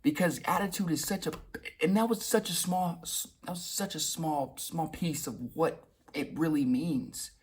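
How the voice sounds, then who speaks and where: A man's voice: a little high, a little slow, breathy edge. A young man telling a casual, rambling story in a vlog, restarting and repeating words and swearing now and then. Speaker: vlogger.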